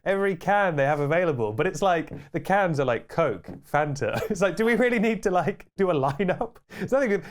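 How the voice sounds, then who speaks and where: A man's voice: high voice, animated, a little fast, few pauses. A young British man hosting a scripted comedy show about internet trends, with a wry, ironic delivery. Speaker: host.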